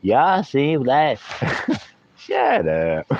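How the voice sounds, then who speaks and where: A man's voice: fairly high pitch, wildly swooping pitch, very slow, creaky, breathy edge, dull audio. A man using hosts a live stream, chatting playfully with viewers and laughing often. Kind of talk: joking live-stream chat.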